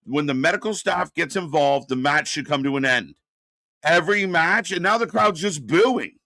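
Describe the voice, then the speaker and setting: A man hosting a live wrestling watch-party stream, ranting with exasperation and profanity, then answering chat messages more calmly. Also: a little high, moderate pace, no echo, clean studio sound. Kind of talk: live reaction commentary, reading chat.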